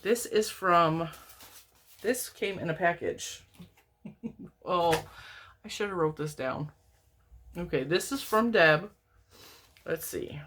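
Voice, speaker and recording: Speaking slowly and stopping often, a woman who runs a crochet channel sorts through viewer mail in a relaxed, talkative way. Laughter keeps bubbling up, her voice climbs when she's thrilled, and a TV can be heard in the room at home.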